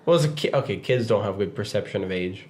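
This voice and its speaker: A man's voice: fairly low pitch, animated, fast, a little mellow. A man co-hosting a casual podcast, bantering with dry, teasing remarks. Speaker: podcast co-host. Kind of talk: casual chat.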